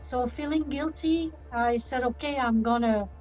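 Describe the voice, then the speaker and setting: An older woman recounting events in a slow, halting interview, stopping often to find her words. Her voice sits somewhat high, and the recording is dull, with soft music underneath. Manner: hesitant, many "uh" pauses. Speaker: scam victim interviewee. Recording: dull documentary clip with music.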